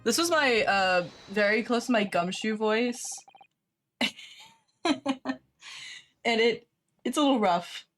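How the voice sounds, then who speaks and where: A woman's voice: on the high side, animated, slow, pauses often, a bit bright, faint music behind. A woman streamer chatting casually and jokingly while playing a game, laughing often.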